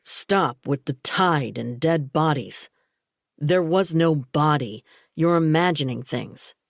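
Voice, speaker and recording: A woman's voice: low voice, takes it slowly, vocal fry, no echo, studio quality, exaggerated voice. A woman reading an audiobook, voicing a man who speaks firmly and patronizingly. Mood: firm dismissive. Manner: firm, patronizing. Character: dismissive adult man, patronizing brother.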